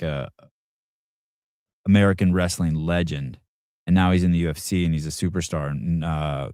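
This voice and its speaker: Low, dry-voiced man ranting profanely. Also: a little mellow, no echo. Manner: talks straight to his audience and producer. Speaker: podcast host. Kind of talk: reaction commentary, casual rant.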